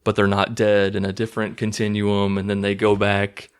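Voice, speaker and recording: A man's voice: lowish voice, monotone, normal speed, smooth. A man hosting his own channel, casually recapping a movie in a rambling, profane, amused way. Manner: rambling, profane, laughing at scenes. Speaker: movie review host.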